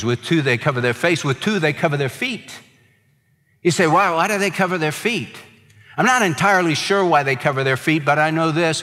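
A man's voice: fairly high pitch, a bit bright, long reverb tail. A male pastor preaching a sermon, stressing points through emphatic repetition.

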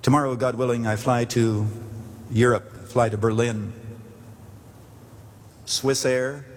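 A male pastor preaching a sermon from the pulpit, telling stories deliberately with emphatic pauses. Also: medium pitch, fairly even intonation. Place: church sanctuary at the pulpit. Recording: long church reverb.

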